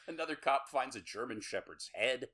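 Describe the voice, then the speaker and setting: A man hosting a podcast, casually retelling a horror movie with laughs, swearing and quick quoted lines. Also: medium pitch, lively intonation, fairly bright tone, breathy edge. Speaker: podcast host. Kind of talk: casual movie recap chat.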